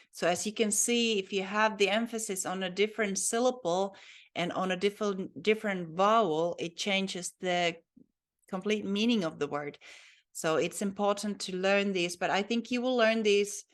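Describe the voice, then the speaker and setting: Woman, language teacher, patient explanations, slow, lowish voice. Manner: patient, explanatory, with many fillers and restarts. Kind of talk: language lesson.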